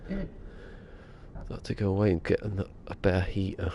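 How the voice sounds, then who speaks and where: This man's voice is low, gravelly, and mellow, with big pitch swings and a moderate pace. Streaming a game from a small home room while sniffly with a cold, he rambles and cracks jokes to himself.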